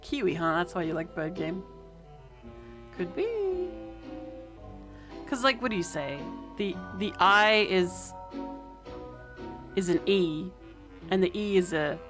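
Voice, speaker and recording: A woman streaming a game, chatting casually in a playful, laughing and profane way. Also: mid-range voice. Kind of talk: casual chat.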